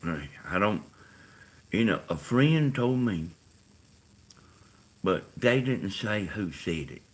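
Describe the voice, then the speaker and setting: Husky deep Georgia man rambling. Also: big pitch swings, takes it slowly. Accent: Southern US, Georgia. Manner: meandering, full of "you know" and "like". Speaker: live stream host. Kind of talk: rambling casual chat.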